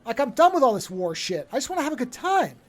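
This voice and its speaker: A man's voice: very high voice, sing-song, fast, full character voice. A man doing a worn-out devil begging to relax. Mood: weary pleading. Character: laid-back male devil tired of war.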